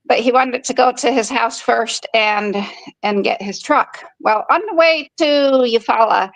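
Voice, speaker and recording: In a slightly high, creaky voice, a woman in her fifties unhurriedly tells a personal story on her podcast. She's frank and conversational, acting out quoted dialogue, and the poor audio has no room sound.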